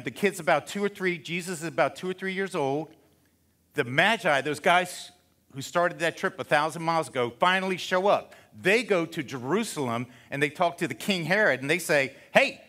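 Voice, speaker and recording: A pastor preaching a sermon in a church in a casual, animated storytelling way, acting out what people say. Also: male voice, on the high side.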